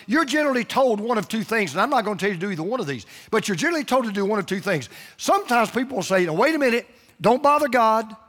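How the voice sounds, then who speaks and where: A man preaching a sermon emphatically, slowing down to stress key phrases. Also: high-pitched, very animated, a bit bright, in a large hall.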